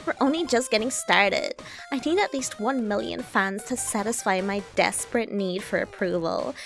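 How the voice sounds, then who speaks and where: A woman's voice: medium pitch, normal speed, gravelly, soft background music, close to an everyday voice. A woman voicing a clingy young woman streamer who craves approval, in a sugary, pleading Valley Girl accent. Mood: needy.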